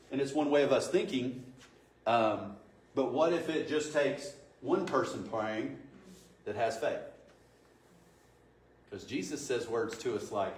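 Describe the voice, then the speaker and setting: A man's voice: medium pitch, unhurried, pauses often. Male pastor, conversational sermon full of rhetorical questions; distant mic in a roomy church. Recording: echoey room, distant mic, faint noise.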